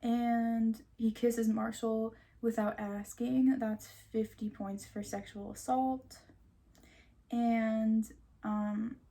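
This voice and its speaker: A woman giving casual commentary to camera, chatty and halting, with frequent ums and small laughs. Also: a little high, dark tone. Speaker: video creator.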